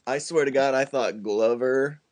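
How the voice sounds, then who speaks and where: A man's voice: medium pitch, measured pace, darkish tone. A man co-hosting a podcast in casual chat, joking and rambling. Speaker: podcast co-host.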